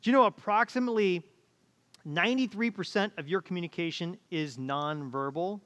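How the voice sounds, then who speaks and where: A man's voice: high-pitched, a little fast, fairly bright tone, long reverb tail. A man preaching a sermon as pastor, telling stories and acting out the people in them. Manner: storytelling, acts out quoted voices. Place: church auditorium.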